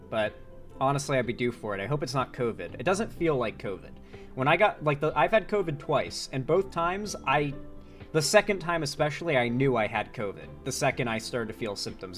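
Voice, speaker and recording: A man from Florida chatting casually on a live stream, rambling and swearing, with a sore throat. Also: mid-range voice. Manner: rambling, profane, excitable. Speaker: political commentary streamer.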